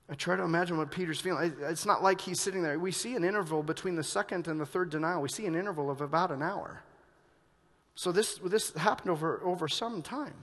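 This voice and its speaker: A male pastor preaching a sermon, moving between hushed reflection and loud, urgent emphasis. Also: on the high side, fast. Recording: long reverb of a large hall.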